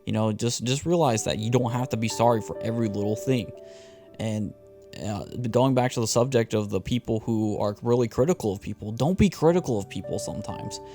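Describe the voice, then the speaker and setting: A young man hosting a casual motivational podcast, talking in an animated, slangy way with lots of repeated words. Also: medium pitch, a little fast, soft background music. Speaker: podcast host.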